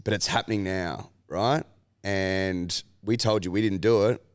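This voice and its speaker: A man's voice: sits low, steady tone, a little slow, clean tone. A man co-hosting a casual comedy podcast, breaking in with dry, reasoned remarks. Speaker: podcast co-host.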